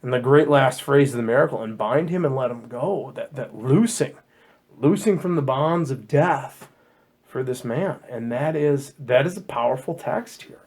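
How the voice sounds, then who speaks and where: A man hosting a podcast, talking through a Bible passage in a casual, animated, jokey way, often restarting and repeating words. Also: mid-range voice, moderate pace, breathy edge. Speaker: podcast host.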